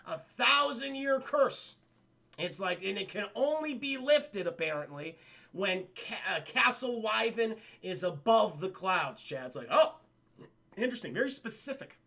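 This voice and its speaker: A man casually recapping a cartoon episode for a live chat, animated and full of swearing. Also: sits high, unhurried, creaky. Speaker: cartoon reviewer streaming to chat.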